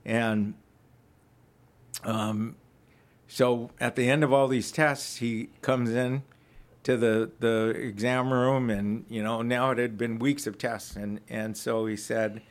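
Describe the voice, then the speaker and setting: A man's voice: mid-range voice, fairly even intonation, slow. Earnest man telling his story. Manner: earnest, reflective storytelling with frequent restarts. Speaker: ministry founder, podcast guest. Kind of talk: personal testimony in casual conversation.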